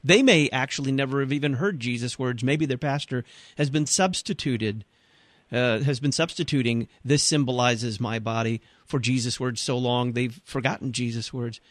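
A man's voice: mid-range voice, normal speed, dry recording. A man hosting a radio interview, pressing his guest with pointed questions. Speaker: radio show host.

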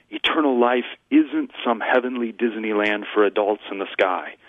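A man's voice: lowish voice, dry recording. A man, a pastor, preaching earnestly as a guest on a radio talk show. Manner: earnest, emphatic Bible exposition. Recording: tinny phone line.

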